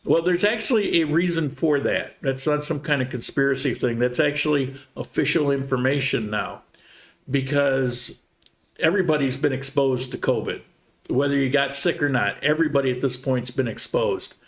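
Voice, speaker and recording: A man hosting a casual livestream Q&A, reading viewer comments and answering in a relaxed, rambling way. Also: mid-range voice, moderate pace. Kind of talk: casual live Q&A chat.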